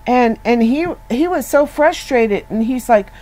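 A woman's voice: on the high side, expressive, unhurried, a little mellow, rough recording. A woman giving an informal Bible teaching in an earnest, conversational way, often restarting and repeating words as she goes.

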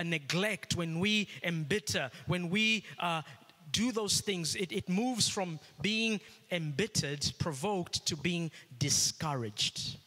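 A middle-aged male pastor preaches earnestly, repeating his phrases to drive each point home. His voice sits a little high and rings bright. The hall around him carries a long echo. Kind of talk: sermon. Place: church hall. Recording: echoey hall.

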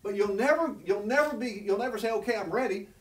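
Male preacher, earnest teaching sermon, higher-pitched voice, picked up from a distance. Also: fast talker, slight background noise. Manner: earnest and conversational, rises in pitch when emphatic. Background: congregation responding.

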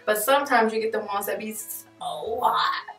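In an echoey room with a distant mic and faint music behind her, a young woman chats on her vlog at a quick pace. Her medium-pitched voice is a bit bright, and she fills the talk with jokes and laughs.

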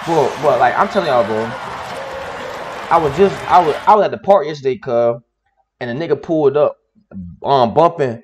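A young man hosting a casual basketball reaction video, talking in animated, slangy street speech full of swearing. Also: moderate pace. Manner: animated, swearing, slangy street talk, rising to high shouts.

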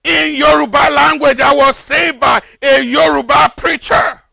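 An older man preaching a fervent sermon as pastor, building to shouted, repeated lines. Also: very high-pitched, steady tone, measured pace, vocal fry, dry recording, studio quality. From Nigeria. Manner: fervent preaching, rises to shouted emphasis and repetition.

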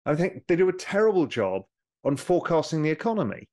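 A British man speaking as an interview guest, animated and explanatory, with a lively way of making his points. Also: a little high, fast talker. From Britain. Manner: animated, explanatory, mimics people for effect. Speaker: guest, former hedge fund manager. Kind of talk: conversational interview.

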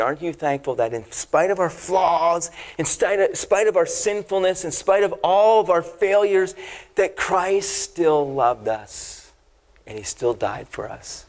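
A male pastor giving a conversational, humorous sermon in a church, telling a joke and speaking directly to the congregation. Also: mid-range voice. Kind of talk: sermon with storytelling.

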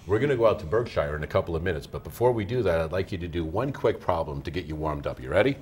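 A man's voice: sits low, animated, fast talker, darkish tone, slight background noise. A man hosting a math TV show from a studio, teaching in a patient, classroom style and checking in often with his listeners. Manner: patient, coaxing, checks in often with "all right?".

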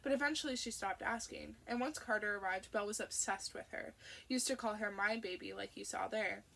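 A woman's voice: medium pitch, brisk, gravelly, bright, forceful tone. A woman voicing an anxious, chatty grandmother who talks in a fluttery way.

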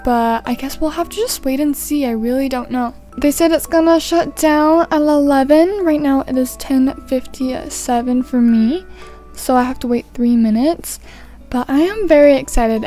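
A woman giving casual, bubbly gameplay commentary, gasping with excitement as she explores a game. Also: sits high. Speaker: gaming YouTuber.

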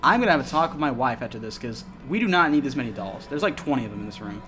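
Music plays in the background as a young gamer races through casual commentary on a horror game in a mid-range voice. He swears constantly, gets jumpy and worked up, and lets out yelps when scared.

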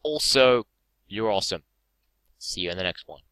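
Opening card packs for the camera, this young man from England keeps up a sweary, hyperactive running commentary and laughs often. His voice sits lowish yet fairly bright, animated at a normal speed, in a dry recording.

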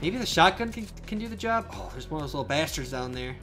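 A young man giving excitable live commentary on a survival game he is playing, with frequent outbursts and laughs. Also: on the high side, quick pace. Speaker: gaming channel host. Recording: faint game music behind.

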